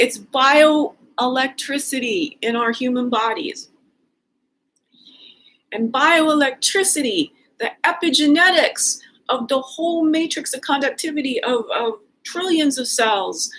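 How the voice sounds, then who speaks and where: Woman, solo vlog monologue, unhurried and excitable, wandering delivery with quiet trailing asides; voice sits a bit high. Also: poor audio. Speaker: posture and movement educator. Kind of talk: solo stream-of-consciousness video monologue.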